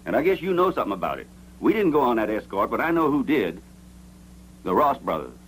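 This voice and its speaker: An actor playing a blunt, greedy former soldier in a dubbed western, talking in a pushy, folksy way. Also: male voice, mid-range voice, big pitch swings, fast talker, a bit bright, slight background noise, poor audio. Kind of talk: dubbed 1970s western film acting.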